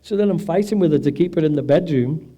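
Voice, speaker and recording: A middle-aged man, husband of a patient, gives an emotional personal testimony at an event and acts out the voices of people he quotes. His voice sits on the high side and is warm, expressive, and fast.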